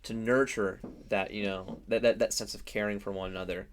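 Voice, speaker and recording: A young man from Missouri with a Midwestern accent, co-hosting a podcast and talking in an earnest, halting way with many fillers. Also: on the low side, fairly even intonation, noisy background. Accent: Midwestern American. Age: young adult. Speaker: podcast co-host. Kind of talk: casual chat.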